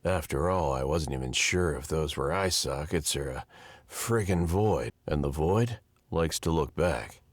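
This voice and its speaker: A man voicing a weary, sardonic investigator who narrates a game, with a husky, dry delivery. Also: rumbling low, expressive, measured pace, no echo, exaggerated voice. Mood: wry.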